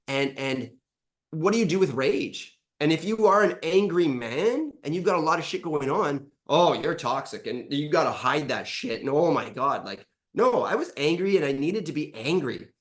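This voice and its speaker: A middle-aged man giving a frank interview testimonial as a coaching client, animated, swearing freely and acting out past conversations. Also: on the high side, moderate pace.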